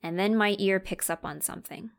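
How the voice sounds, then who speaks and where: A woman co-hosting a podcast, chatting casually at an ordinary pitch. She tells stories with animated energy, slipping into quoted voices as she goes. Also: brisk, gravelly. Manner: animated storyteller who acts out quoted voices. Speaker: podcast co-host.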